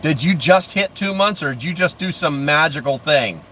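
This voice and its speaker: A man's voice: a little high, animated, moderate pace, bright, forceful tone, a little hiss or hum. Rambling man on a livestream. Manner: rambling, many fillers and restarts; friendly, calls viewers bro. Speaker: livestream host. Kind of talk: casual livestream chat reading comments.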